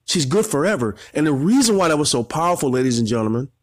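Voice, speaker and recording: A man's voice: fairly high pitch, big pitch swings, fast, no room sound, studio quality. A man in his forties, a marketing coach, giving an emotional motivational talk, holding back tears and repeating phrases as he tells his story.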